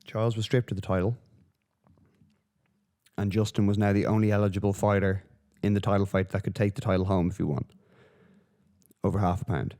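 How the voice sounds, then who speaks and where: Speaking fairly quickly but pausing often, a man with a lowish, steady, warm voice hosts a solo podcast. His casual commentary rambles, swears, and is packed with fillers.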